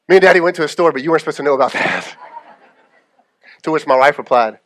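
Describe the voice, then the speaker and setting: A man in his thirties, a lead pastor, preaching a sermon in a conversational storytelling way, checking in with "okay?" and slowing down softly for prayers. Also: fairly high pitch, lively intonation. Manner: drops to slow, soft delivery for prayers.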